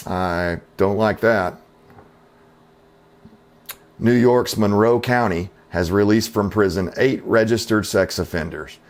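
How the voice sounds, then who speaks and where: A middle-aged man hosting his channel, giving opinionated commentary in a folksy, skeptical way, with rhetorical questions and fillers. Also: low voice. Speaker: channel host.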